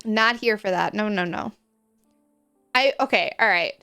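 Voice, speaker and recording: A woman's voice: medium pitch, a little slow, pushed and bright, clear, resonant tone, faint music behind. A young woman streamer chatting casually while playing a game, in a chatty, self-deprecating, giggly way. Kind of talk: casual gameplay chat.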